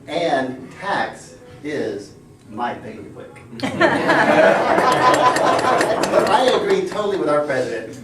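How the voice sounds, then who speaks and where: A man's voice: fairly high pitch, fairly bright tone. A middle-aged man giving a humorous prepared speech to a club, playful and laughing between lines. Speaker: club speaker. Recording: echoey room, far mic.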